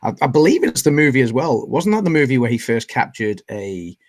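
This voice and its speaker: A man's voice: medium pitch, big pitch swings, brisk, no room sound. A man co-hosting a casual movie chat, speaking hesitantly with many restarts. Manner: hesitant, full of restarts and self-corrections.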